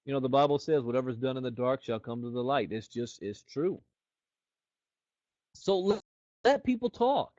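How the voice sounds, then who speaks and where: A middle-aged man leads a motivational sales training in a mid-pitched voice, slipping into the voices of the people in his stories. The sound is dull and dry, with no room around it. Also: normal speed, pauses often, dry recording. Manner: animated storyteller who acts out the quoted people. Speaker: network marketing trainer.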